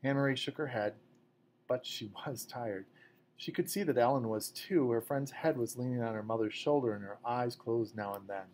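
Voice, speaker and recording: A man reading a novel aloud at a measured, fairly quiet pace. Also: mid-range voice, slight background noise. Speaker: audiobook narrator. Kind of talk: scripted narration.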